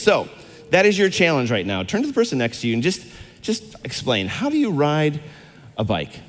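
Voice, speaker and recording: Man, middle-aged, pastor, casual interactive sermon, fillers and restarts, slightly high voice, reverberant hall. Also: huge pitch swings, normal speed. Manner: chatty, rambling, lots of fillers and restarts, asks the audience questions. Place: church hall before a congregation.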